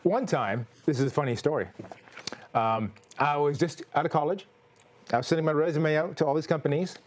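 A younger man hosting a comedic talk show, joking in a playful, deadpan way. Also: a little high, brisk. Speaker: host.

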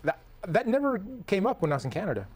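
Playful male host for a casual comedy chat; animated and slightly high. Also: fast talker. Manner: playful, teasing, rambling. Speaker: podcast host.

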